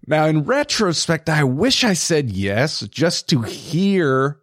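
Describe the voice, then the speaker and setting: A man's voice: fairly high pitch, slow pace, few pauses, dry recording, clean studio sound. A man co-hosting a podcast, talking politics casually with lots of swearing and laughter. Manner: profane, animated, laughs often. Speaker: podcast co-host.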